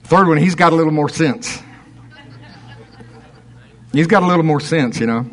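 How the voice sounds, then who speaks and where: A man's voice: a little high, moderate pace. A man preaching a sermon, reading scripture aloud and breaking off into chuckling asides.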